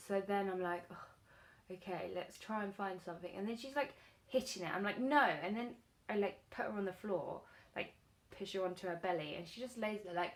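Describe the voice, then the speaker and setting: A woman beauty vlogger chatting casually while doing her makeup, telling an animated story full of fillers. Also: mid-range voice, normal speed.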